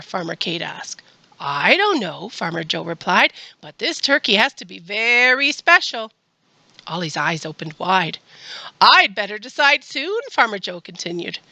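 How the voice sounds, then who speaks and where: A woman's voice: a little high, sharp tone, dry recording. A woman librarian leading a children's storytime, reading a picture book aloud and asking the children coaxing questions.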